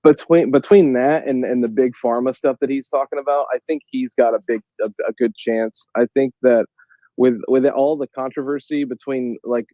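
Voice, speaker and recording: A man in casual podcast chat, animated and rambling, with frequent restarts and laughter. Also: mid-range voice, moderate pace, no room sound, muffled recording. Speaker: co-host.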